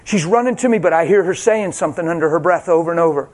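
A man's voice: a little high, fast. A man preaching a sermon, telling his own testimony with emotion and acting out the voices in it. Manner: dramatic, acts out voices, cries out.

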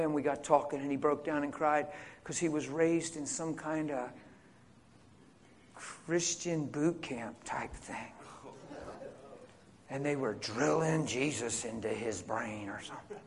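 Animated preacher man, slightly high voice. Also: unhurried. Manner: swings from loud excited bursts to hushed tones; laughs as he talks. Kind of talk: storytelling sermon.

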